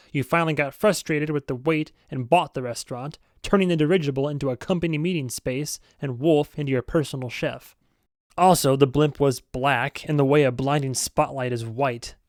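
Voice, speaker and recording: A man narrating a novel as an amateur audiobook reader, steady and with self-aware asides. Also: medium pitch, no echo, studio quality.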